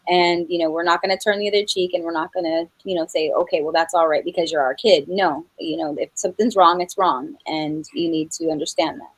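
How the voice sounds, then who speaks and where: Her voice lowish, a middle-aged singer from New Mexico laughs easily while chatting as an interview guest, rambling with lots of fillers and restarts in casual conversation. There's no room sound, but the audio quality is poor.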